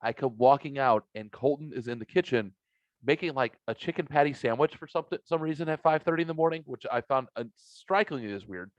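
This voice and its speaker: A male podcast host tells stories casually from his home man cave, swearing a lot and laughing at his own tales in an animated, profane storytelling chat. His medium-pitched voice runs a little fast, and the dry recording is slightly muffled with no room sound.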